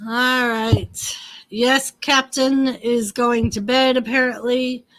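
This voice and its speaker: A woman's voice: fairly high pitch, steady tone, slow, a bit bright. A woman hosting a casual livestream, chatting about wrestling and greeting viewers by name. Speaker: livestream host. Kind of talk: casual live wrestling commentary and chat.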